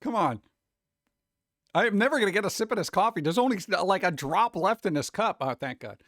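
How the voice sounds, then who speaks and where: A man's voice: high-pitched, animated, fairly quick, fairly bright tone, dry recording, studio quality. A man chatting casually with viewers on a live stream, rambling, humming and scatting to himself, his throat a little sore.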